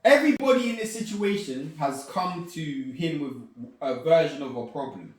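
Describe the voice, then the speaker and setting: A man explains his ideas earnestly, often checking in with his listener. His voice sits a little high. It rings out in a very echoey room, away from the mic. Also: animated, normal speed, far from the mic. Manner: earnest, explaining, repeats you know what I'm saying. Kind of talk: reflective casual chat.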